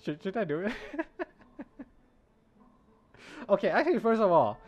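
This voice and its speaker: A man's voice: high voice, animated, unhurried, pauses often. A man streaming a game, chatting casually with viewers and laughing often. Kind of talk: casual live-stream chat. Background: faint lofi background music.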